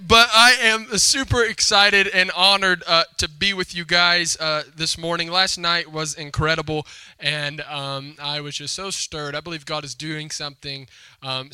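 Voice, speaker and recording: A man preaching a lively sermon, calling out to the congregation for responses. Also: a little high, clear, resonant tone, no echo. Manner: energetic, call-and-response with congregation. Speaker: pastor.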